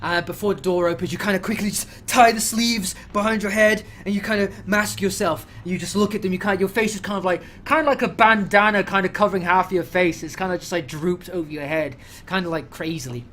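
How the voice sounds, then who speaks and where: A man's voice: sits high, fairly quick, hardly any pauses, bright, forceful tone, a little hiss or hum. Brief: rambling man running a tabletop session, many restarts. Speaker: game master. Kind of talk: narrating a tabletop game.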